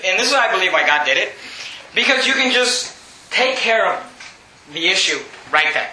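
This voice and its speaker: Very high-voiced, bright male preacher. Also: expressive, moderate pace, slight background noise. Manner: emphatic preaching, often shouting, chuckling. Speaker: pastor. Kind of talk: sermon. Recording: roomy echo.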